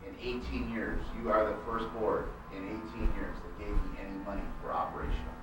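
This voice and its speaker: A man's voice: fairly low pitch, level tone, fairly quick, over music. A man in his fifties, a village access coordinator, earnestly making his case at a public budget meeting. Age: 50s. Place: council meeting room. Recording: roomy echo, distant mic.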